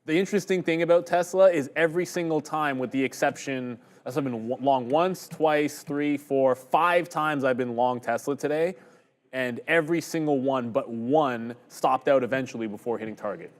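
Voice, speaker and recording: A man's voice: medium pitch, normal speed. A man talking through his trades on a live market stream, casual and thinking aloud, with fillers and restarts. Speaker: day trader co-host. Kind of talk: live trading commentary.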